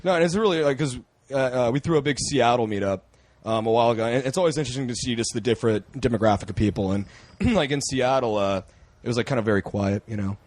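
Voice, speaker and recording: A young man from Central Oregon, a podcast guest chatting casually, relaxed and full of fillers. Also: mid-range voice. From Central Oregon, USA. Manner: relaxed, many fillers and restarts, quick bursts. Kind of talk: casual chat.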